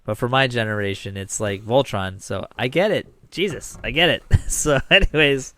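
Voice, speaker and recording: Teasing, swearing man with a smooth voice. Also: medium pitch, expressive, moderate pace, pushed and bright. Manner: teasing, laughs often, swears playfully. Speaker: podcast host. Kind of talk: casual podcast banter.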